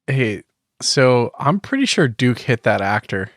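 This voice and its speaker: A man co-hosting a podcast, dropping short, deadpan comments into the chat. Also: mid-range voice, unhurried, no echo, studio quality. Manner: brief, deadpan interjections. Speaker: podcast co-host. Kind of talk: casual chat.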